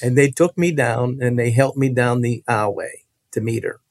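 A man's voice: medium pitch, moderate pace, no room sound. Male guest storyteller, emphatic, repeats himself, dry close sound. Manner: animated, emphatic, repeats phrases. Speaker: interview guest. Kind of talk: personal storytelling.

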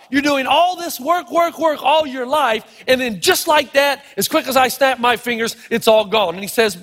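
A middle-aged man preaching a sermon, telling stories in short, punchy phrases with dramatic pauses. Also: extremely high pitch, lively intonation, fairly bright tone, slightly rough. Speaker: pastor. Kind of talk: sermon with storytelling. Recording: long hall reverb.

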